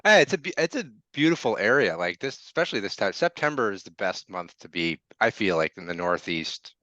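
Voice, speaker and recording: Loose-talking podcast host. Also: male voice, lowish voice, sing-song, brisk, bright, forceful tone, no room sound. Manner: loose, hesitant, many fillers and restarts, laughs easily. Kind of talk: casual podcast chat. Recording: dry, slightly dull sound.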